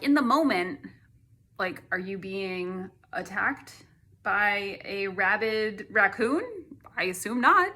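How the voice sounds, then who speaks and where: Bright, chatty woman artist. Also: mid-range voice. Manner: chatty with frequent fillers, drops to a soft hush. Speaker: artist and host. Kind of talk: casual talk to camera.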